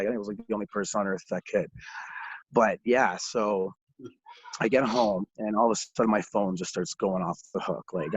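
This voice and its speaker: Husky man telling profane stories. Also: on the low side, no room sound. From Ontario, Canada. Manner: profane, laughing, animated storyteller. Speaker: podcast guest. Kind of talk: casual storytelling. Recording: dull lo-fi recording, dry.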